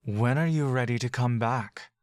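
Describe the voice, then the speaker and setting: The audio drama narrator voicing a menacing, controlling male caregiver who talks in a low, slow, booming voice. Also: dry recording, studio quality, lightly acted. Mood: scornful.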